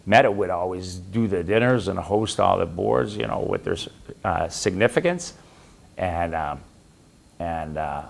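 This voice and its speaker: A middle-aged man recounts a business story in a relaxed, chatty way, playing out both sides of old conversations. His voice sits very low and is thick with gravel and a husky edge. His pitch swings widely as he goes. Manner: animated anecdote, acting out quoted dialogue. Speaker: business executive telling a story. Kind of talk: casual storytelling.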